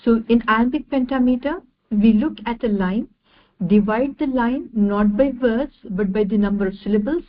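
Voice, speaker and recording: Measured woman lecturing over slides. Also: fairly high pitch, phone-quality sound. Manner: measured, repeats definitions step by step.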